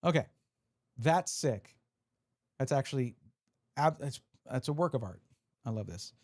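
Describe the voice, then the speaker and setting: A man's voice: mid-range voice, animated, unhurried, darkish tone. A man live-streaming, chatting casually and reading out viewer messages as he opens card packs. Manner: chatty, reads chat aloud, restarts often.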